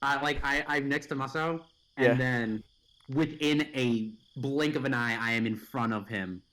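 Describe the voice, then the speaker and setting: A man playing a tabletop game, talking casually and swearing excitedly. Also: mid-range voice, normal speed, poor audio. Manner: excitable, profane. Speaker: player.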